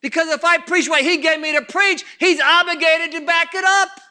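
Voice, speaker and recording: Fervent high-voiced male preacher. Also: fairly even intonation, moderate pace, pushed and bright. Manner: fervent, repetitive, talks straight to the congregation. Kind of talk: sermon.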